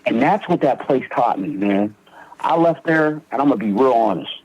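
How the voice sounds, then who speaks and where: A young man from Philadelphia tells his recovery story as a podcast guest. His voice is husky and mid-pitched, and he acts out the people he quotes. The recording sounds dull and lo-fi. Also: lively intonation, moderate pace, darkish tone. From Philadelphia, Pennsylvania.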